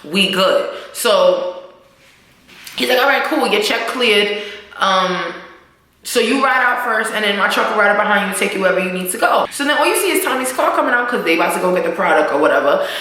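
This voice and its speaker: A woman's voice: mid-range voice, fairly quick. A young woman vlogger recapping a TV episode in casual, slangy talk, acting out the characters' lines as she goes. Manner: animated, acts out characters' lines while recapping; slangy, swears freely. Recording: very echoey room.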